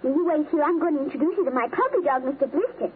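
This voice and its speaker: A woman's voice: high-pitched, animated, very fast. A whiny little girl. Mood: playful. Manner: pleading, whiny. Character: excitable little girl, spoiled and clingy. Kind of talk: 1950s radio drama acting. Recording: tinny, very hissy old radio broadcast.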